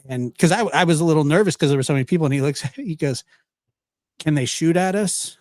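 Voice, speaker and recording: A man's voice: a little high, very fast, darkish tone, no room sound. A man joins a livestream panel over a video call, trading teasing jokes. His voice sounds close and dry, with no room around it. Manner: joking, teasing banter. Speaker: panel guest.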